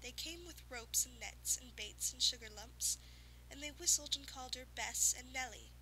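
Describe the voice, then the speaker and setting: A woman reads a fantasy story aloud in a soft, measured, lyrical manner, at times sinking to a whisper. Her voice is very bright and sits a little high. A faint background hiss runs under it. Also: rough recording. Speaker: audiobook reader. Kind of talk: storybook narration.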